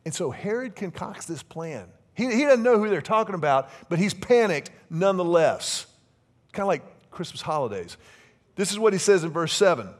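A middle-aged man preaching a sermon to a congregation, animated and joking, drawing them in with questions. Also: high voice, normal speed. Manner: animated, joking, asks the congregation to call out answers. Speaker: pastor.

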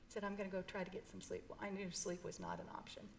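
A woman's voice: mid-range voice, level tone, quick pace, slight background noise. A middle-aged woman telling an emotional personal story in an interview, earnest and heartfelt. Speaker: guest.

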